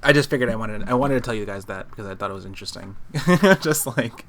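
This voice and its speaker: A man's voice: lowish voice, fast, fairly bright tone. Rambling man telling a story. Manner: rambling storyteller, many fillers and restarts. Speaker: podcast co-host. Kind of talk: casual chat. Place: living room.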